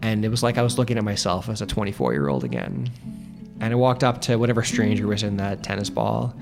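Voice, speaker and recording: A man's voice: lowish voice, fast talker, creaky, over music. A man in his twenties telling a wry personal story on stage, rambling with "like". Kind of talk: live storytelling.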